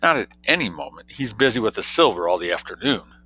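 A man reading an audiobook, voicing a droll young gentleman who tells tall tales in an arch, quick, mock-grave way. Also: fairly low pitch, sing-song, heavily acted, low-quality recording.

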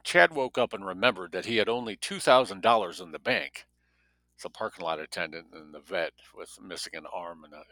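A man with a lowish, bright and forceful voice reading a novel aloud. He stops now and then for wry asides on the story. The sound is dry and close. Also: no echo, poor audio. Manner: breaks off reading for wry spoken comments. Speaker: story reader.

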